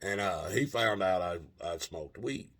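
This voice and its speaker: A man with a somewhat low, gravelly voice tells a long personal anecdote. He rambles, restarts his sentences and swears freely in a relaxed, casual way. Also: measured pace. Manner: rambling, profane, frequent restarts. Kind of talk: casual storytelling.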